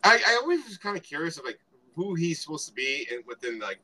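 Male co-host, bright and rambling, casual retelling of film scenes. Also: a little high, sing-song, fast, low-quality recording. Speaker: podcast co-host. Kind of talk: casual movie review chat.

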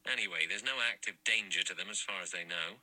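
A man's voice: low-pitched, quick pace, pushed and bright, low-quality recording. A man reading an audiobook, voicing a blunt, aggressive man who argues in plain slang.

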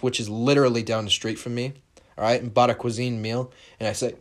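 A man's voice: medium pitch, fast talker. A man hosting a solo podcast in a casual monologue. He talks bluntly and emphatically, swears casually and reads verses aloud. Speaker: podcast host.

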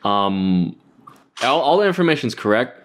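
A man's voice: medium pitch, sing-song, normal speed, a bit bright. A young man in casual chat, venting animatedly and laughing, his voice jumping up when he quotes himself.

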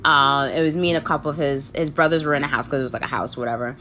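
A young woman with a rumbling low voice talks very fast, faint music playing behind her. She's casually and animatedly telling a funny dating story, laughing often and acting out the voices in the quotes.

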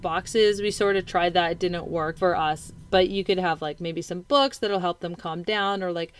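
A woman's voice: lowish voice, fairly even intonation, normal speed, clear, resonant tone. A woman in her thirties co-hosting a casual parenting chat, talking earnestly and thinking aloud with lots of fillers. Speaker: podcast co-host.

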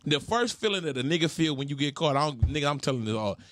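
Animated male storyteller, dry sound. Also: a little high, quick pace, dry recording. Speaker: podcast co-host. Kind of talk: casual chat.

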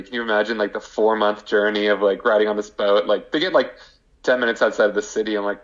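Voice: mid-range voice, a little fast. Jokey co-host on a dull lo-fi line. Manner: animated, jokey, lots of fillers. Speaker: podcast co-host. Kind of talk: casual chat. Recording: dull lo-fi sound.

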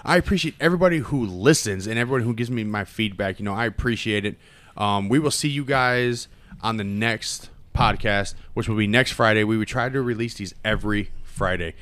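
A man's voice: fairly low pitch, fairly quick, fairly bright tone. A man hosting a casual podcast, laid-back and slangy, swearing freely. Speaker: podcast host.

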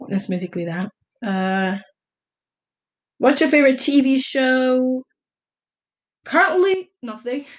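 A woman's voice: high-pitched, animated, takes it slowly, long pauses. A young woman from Italy answering casual vlog questions, rambling and hesitant, with lots of fillers and self-corrections. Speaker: vlogger.

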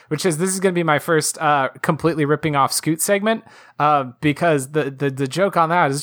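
A young adult woman co-hosting a podcast in casual chat, ranting about a film with animated sarcasm. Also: low voice, normal speed. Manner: animated, sarcastic, joking rants. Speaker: podcast co-host.

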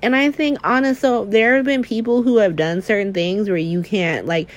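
A woman's voice: medium pitch, normal speed. Chatty young woman recapping episodes. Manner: chatty, filler-heavy, profane, animated retelling. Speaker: soap opera recap vlogger. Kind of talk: casual chat.

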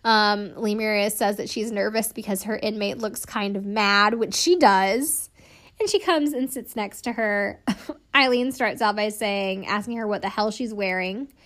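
A woman's voice: mid-range voice, unhurried, a bit bright. A young woman casually recapping a reality show, chatty, swearing freely and laughing often.

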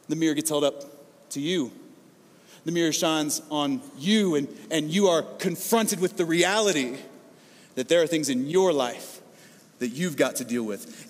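A middle-aged man preaching a sermon as pastor, animated, acting out the voices he quotes and repeating words as he builds. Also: a little high, normal speed. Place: church hall. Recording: long hall reverb.

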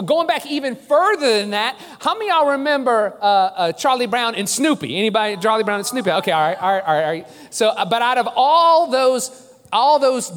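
A man preaching a sermon as pastor, lively and joking, drawing the congregation in. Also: high voice. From New Orleans. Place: church sanctuary. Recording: long church reverb.

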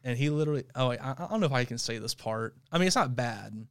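A man co-hosting a podcast, telling a story in casual chat, animated, laughing often and stumbling over repeated words. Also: mid-range voice, fast, clear, resonant tone. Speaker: podcast co-host.

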